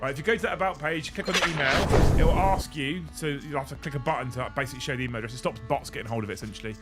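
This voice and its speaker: A man's voice: mid-range voice, racing, fairly bright tone, faint music behind. A young man hosting a live stream, thanking viewers, joking, swearing and laughing often. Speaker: livestream host. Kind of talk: casual live-stream chat.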